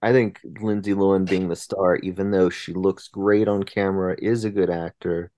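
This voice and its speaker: A man's voice: low-pitched, flat delivery, normal speed, mellow, no echo. A man chatting casually on a podcast about films, opinionated and talking in long winding sentences. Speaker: podcast panelist. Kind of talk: casual film chat.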